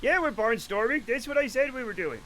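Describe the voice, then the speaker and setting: A man in his late forties rambles through a casual live stream, swearing freely and poking fun at himself. His voice sits high for a man and jumps around constantly, with a faint hiss of noise underneath. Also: animated, a little fast, a bit bright, low-quality recording. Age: late 40s. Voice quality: rambling, profane, self-mocking.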